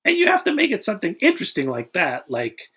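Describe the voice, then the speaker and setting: A man's voice: sits high, wildly swooping pitch, quick pace, bright, forceful tone, slightly rough. A man co-hosting a casual movie-review podcast, rambling and restarting as he retells the plot with dry humor. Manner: rambling, searching for words, wry. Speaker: podcast co-host.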